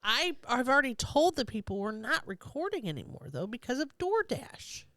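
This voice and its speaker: A woman's voice: on the high side, sing-song, fairly quick, pushed and bright, no room sound, studio quality. A woman co-hosting a podcast in casual chat, teasing and jokey. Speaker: podcast co-host.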